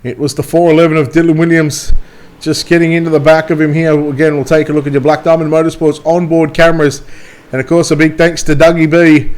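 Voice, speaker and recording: A race announcer with a fairly high male voice calls a dirt track event. He moves easily from chatty, joking asides to quick, excited play-by-play as the cars come around. He sounds like he is working from the track's booth. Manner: chatty and joking between races, rising to excited play-by-play when the cars run.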